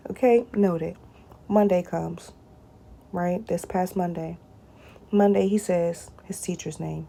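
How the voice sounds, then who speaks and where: A woman's voice: fairly low pitch, fairly even intonation, slow pace, creaky, long pauses, dark tone, slight background noise. A woman speaking straight to her viewers in a personal video blog, often addressing them directly and repeating short phrases.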